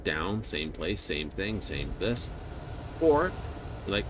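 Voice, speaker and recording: A man streams a space game, talking in a low voice that swings animatedly up and down. His chat is sarcastic and casual. The stream audio carries steady background noise and keyboard typing. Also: slow pace. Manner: sarcastic, mimics game characters in quotes. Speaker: gaming streamer. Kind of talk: casual live-stream commentary.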